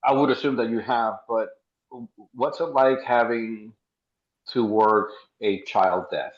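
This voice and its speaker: A man's voice: medium pitch, steady tone, slow. A man co-hosts a podcast, talking in a mid-range voice with playful, jokey interjections. His audio sounds dull and muffled, and it echoes as if he is in a room. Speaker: podcast co-host. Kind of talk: casual conversation.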